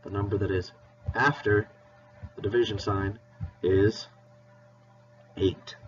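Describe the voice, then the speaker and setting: A male teacher runs a playful, encouraging math lesson for children, spelling words out as he goes. His voice sits on the low side with fairly even intonation and a slow pace, picked up far from the mic on a dull lo-fi recording with faint hiss.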